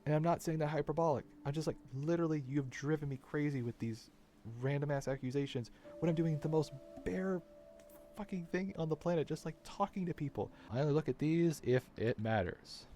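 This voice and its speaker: A man's voice: a little high, brisk, warm tone, a little hiss or hum. A man in an unscripted personal rant, frustrated and swearing, often circling back to repeat his points. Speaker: vlogger.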